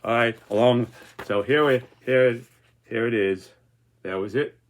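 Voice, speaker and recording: A man talks viewers through his own political cartoons in an unscripted, meandering way. He circles back, restarts sentences and leans on fillers as he goes. His voice sits at a middling pitch. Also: a little slow. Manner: rambling, many restarts and fillers. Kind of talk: casual commentary on political cartoons.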